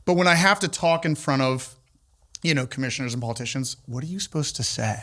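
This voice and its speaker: A man who owns the building, telling stories in an animated, casual way at a live podcast and acting out the people he quotes. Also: medium pitch, fast talker. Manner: animated storyteller, acts out quotes. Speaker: building owner. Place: large old building, live audience.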